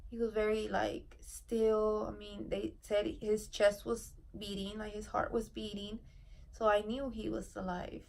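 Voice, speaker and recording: A woman in her thirties tells an emotional story in a vlog, near tears, soft-spoken and halting with many fillers. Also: medium pitch, little pitch movement, creaky. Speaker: family vlogger.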